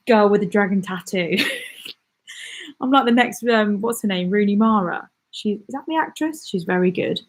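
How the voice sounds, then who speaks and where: Chatty woman hosting a live chat. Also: medium pitch. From England, the Midlands. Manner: chatty and rambling, lots of fillers, quick laughs. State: out of breath. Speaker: channel host. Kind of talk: casual live-stream chat reading viewer comments.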